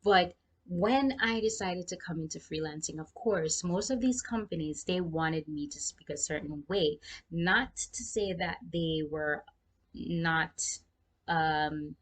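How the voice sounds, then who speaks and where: A young woman with a Jamaican accent shares work tips in a relaxed vlog. Her voice sits a little low. She sounds chatty and speaks straight to the viewer. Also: takes it slowly. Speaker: freelancing vlogger. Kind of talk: casual advice vlog.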